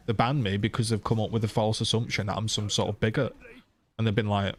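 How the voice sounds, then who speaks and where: A man's voice: lowish voice, level tone, brisk, slight background noise. A man streamer ranting heatedly to his viewers, swearing and firing off rhetorical questions. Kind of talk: casual live-stream rant.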